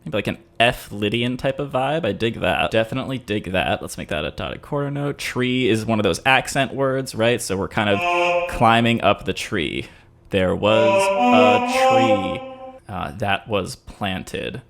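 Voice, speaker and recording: A man who composes and teaches music, talking casually as he works out a melody and speaking lines out loud to test their rhythm. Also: fairly low pitch, normal speed. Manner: relaxed and chatty, says melody lines out loud to feel the rhythm.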